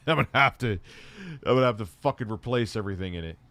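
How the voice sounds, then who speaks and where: Middle aged dude on a live stream, low smooth voice, rambly and sweary. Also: male voice, fairly quick, fairly bright tone, dry recording. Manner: rambling, profane, reads chat aloud while shopping. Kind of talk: casual live stream chat.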